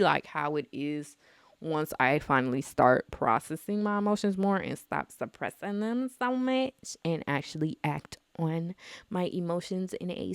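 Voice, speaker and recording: A woman's voice: deep voice, gravelly, no room sound. A young woman vlogging in a casual, chatty way, telling dramatic stories with plenty of slang. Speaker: astrology vlogger. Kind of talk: casual chat to camera.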